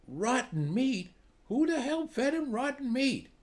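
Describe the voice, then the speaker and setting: A man voicing a panicky rich estate owner getting bad news over the phone, exasperated and shouting. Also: high-pitched, sing-song, moderate pace, pitched above the performer's own voice.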